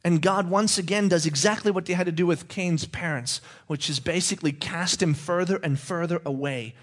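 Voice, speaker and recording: A man's voice: high-pitched, moderate pace. A male preacher giving a conversational sermon, often checking in with his listeners with "okay?".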